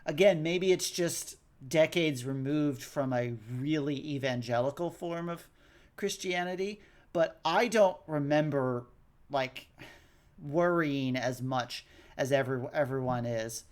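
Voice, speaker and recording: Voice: mid-range voice, unhurried. A podcast co-host in casual chat, rambling with many restarts and trailing thoughts.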